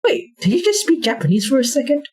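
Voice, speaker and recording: A woman's voice: sits high, sing-song, fast talker, music in the background. A woman playing a game and adding cheeky, crude asides as casual commentary. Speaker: let's play gamer.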